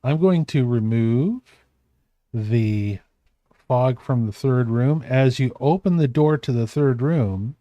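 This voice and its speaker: Game master, slow and unhurried, warm dark tone, dry close sound. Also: male voice, mid-range voice, dry recording, lo-fi sound. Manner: meandering, self-correcting. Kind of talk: narrating a tabletop game.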